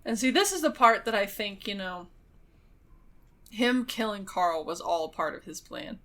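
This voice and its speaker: A woman chatting on a podcast, walking through a movie's plot in a loose, rambling way. Her voice sits in a middle pitch with a bright, forward tone. She fills gaps with little fillers as she goes. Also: animated, measured pace. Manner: rambling retelling with frequent fillers and laughs. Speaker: podcast co-host. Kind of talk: casual movie recap chat.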